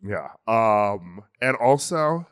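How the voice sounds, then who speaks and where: A man's voice: lowish voice, very animated, drawn-out words, fairly bright tone, clear, resonant tone. A man co-hosting a podcast, chatting about pop culture in a playful, enthusiastic way with frequent laughter. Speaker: podcast co-host. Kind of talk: casual pop-culture chat.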